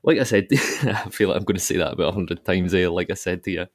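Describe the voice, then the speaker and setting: A Scottish man talks football in casual podcast chat. His voice sits on the low side, and he is blunt, sweary and given to repeating himself. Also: quick pace. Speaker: podcast co-host.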